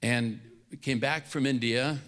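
Older male storyteller, mid-pitched, humorous, plays out the voices he quotes. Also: fairly even intonation, slow, fairly bright tone, clear, resonant tone. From California. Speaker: speaker. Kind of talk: storytelling talk.

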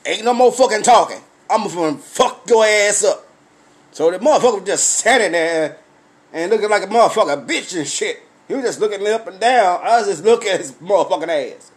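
A man telling a profane comic story as a rant, loud and repetitive, acting out his own confrontations. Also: sits high, animated, fairly quick.

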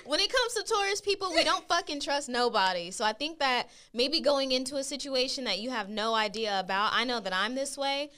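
A woman co-hosting a podcast in casual chat, blunt and profane, telling stories with animated asides. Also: high-pitched, brisk, hardly any pauses. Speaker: podcast co-host.

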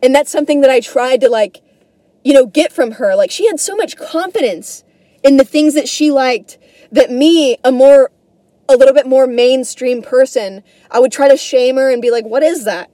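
A woman's voice: sits high, moderate pace, warm tone, dry recording. A young woman hosting a solo podcast, rambling casually, swearing freely and stumbling over her words in a self-deprecating way. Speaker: podcast host.

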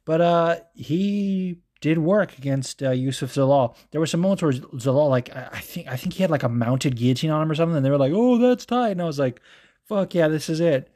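A man's voice: fairly high pitch, a little fast, few pauses. A man hosting a casual recap show, rambling and swearing a lot, full of fillers and asides, a bit hungover. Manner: profane, rambling and animated, with many fillers. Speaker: podcast host recapping fights. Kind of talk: casual chat.

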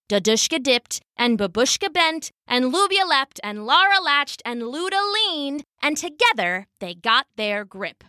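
A woman's voice: sits high, big pitch swings, a little slow, hardly any pauses, bright, forceful tone, no room sound, clean studio sound. A woman telling a folktale for children in a playful, scripted storybook narration.

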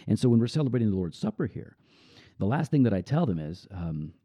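A man's voice: lowish voice, sing-song, quick pace, mellow, no room sound. A man, a pastor, speaking earnestly and reflectively in a podcast interview. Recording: dull lo-fi dry sound.

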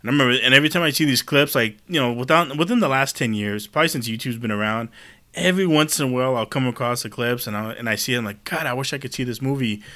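A man in his forties chatting casually, telling stories in an animated way, laughing often and swearing freely. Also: medium pitch, fast talker. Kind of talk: casual chat.

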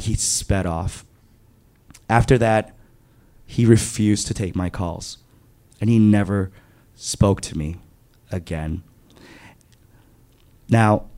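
A man in his thirties telling a candid, confessional true story on stage, animated in his retelling. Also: fairly low pitch. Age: 30s. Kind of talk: live true-story monologue.

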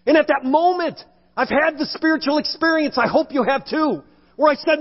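High-voiced male pastor preaching in an echoing church. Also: normal speed. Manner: dramatic swings between emphatic and hushed delivery. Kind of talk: sermon. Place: church sanctuary. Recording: dull recording with long church reverb.

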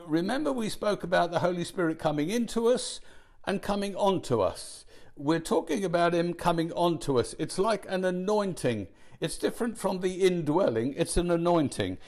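Brief: male Bible teacher, slightly higher voice, earnest and measured delivery. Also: lively intonation, darkish tone. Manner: measured, earnest, pauses to restate. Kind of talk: teaching sermon.

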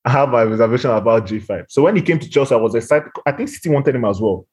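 A man hosting a casual football podcast, animated and talking over his friends. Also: mid-range voice, racing, slightly rough. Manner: animated, talks over others. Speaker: podcast host.

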